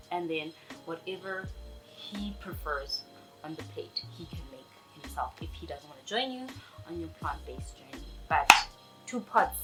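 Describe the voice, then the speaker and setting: A woman's voice: on the low side, low-quality recording. A young woman from South Africa, answering viewer questions in a sassy, playful casual chat straight to her viewers. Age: young adult.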